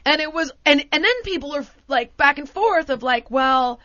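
American woman host, high and bright, very expressive storyteller; dry, slightly muffled recording. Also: normal speed, no room sound. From United States. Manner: animated, acts out quotes with big pitch swings. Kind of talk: casual storytelling chat.

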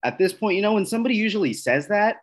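A man's voice: high voice, lively intonation, rapid-fire. A man in casual podcast chat, rambling through a story, repeating words and laughing at himself.

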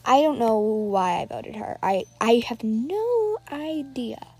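A woman's voice: a little high, big pitch swings, takes it slowly, warm tone, breathy edge. A woman giving live, rambling commentary while playing an online game, nervously narrating every move aloud.

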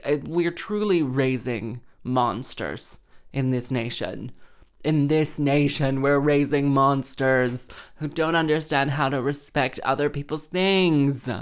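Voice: mid-range voice, smooth. A wedding harpist telling an exasperated, sweary, sarcastic story in casual rant style.

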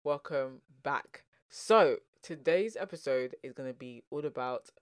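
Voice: mid-range voice, unhurried, clear, resonant tone, no room sound. Chatty South London vlogger, dry sound. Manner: chatty and animated, laughs often, rambling asides. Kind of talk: casual vlog monologue.

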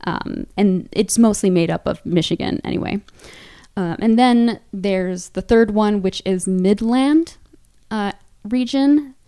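A woman's voice: mid-range voice, slow, mellow, clean tone. A woman from the American Midwest hosting a casual solo podcast, rambling with many ums and trailing restarts, chatty and self-amused. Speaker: podcast host.

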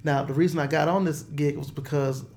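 A middle-aged man recounts an old story in a casual interview, his voice sitting a touch higher than most men's. He gets animated and stumbles over repeated words when excited. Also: a little fast, creaky. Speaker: guest.

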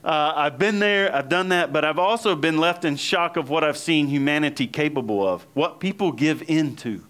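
Male pastor, slightly higher voice, conversational storyteller who mimics the people he quotes. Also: normal speed, fairly bright tone. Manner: storytelling, chatty, laughs often, acts out quotes. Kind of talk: conversational sermon.

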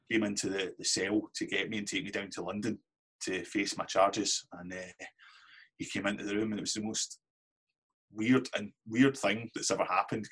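Husky low-voiced Scottish storyteller. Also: male voice, fairly bright tone. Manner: candid anecdotal storyteller, swears casually. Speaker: guest. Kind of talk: casual storytelling interview.

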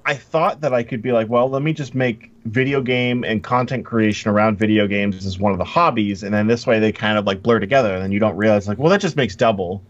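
A man's voice: fairly low pitch, fast, hardly any pauses. A man co-hosting a casual podcast, rambling and self-deprecating with many fillers. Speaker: podcast co-host. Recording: dull lo-fi mic with faint noise.

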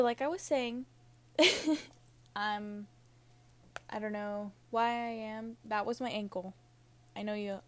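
A woman's voice: mid-range voice, darkish tone. A young woman hosting a casual podcast, rambling with a Valley-girl sound, saying "like" and "literally" all the time and laughing at her own jokes. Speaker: podcast host.

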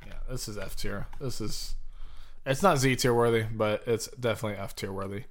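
A man's voice: fairly low pitch, fairly quick. A man co-hosting a casual podcast, blunt and dramatic in his dislikes, joking around. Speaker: podcast co-host. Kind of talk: casual chat, taste-testing milks.

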